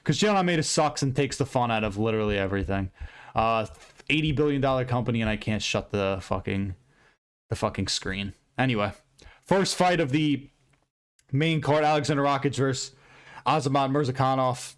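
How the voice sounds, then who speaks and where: Man, fight recap vlog, blunt, profane, rambling, excitable, medium pitch. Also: brisk, clear, resonant tone. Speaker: MMA commentator recapping fights.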